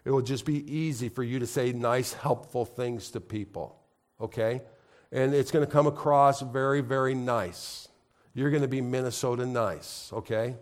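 A male pastor delivers a sermon in a mid-pitched voice. He repeats his points and keeps calling on the congregation to answer back. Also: fairly even intonation, moderate pace. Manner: repetitive call-and-response preaching. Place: congregation in a room.

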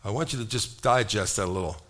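A man's voice: on the low side, fast, a bit bright. A man preaching a sermon, emphatic, calling out questions to his congregation. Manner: emphatic preaching with audience call-outs. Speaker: pastor.

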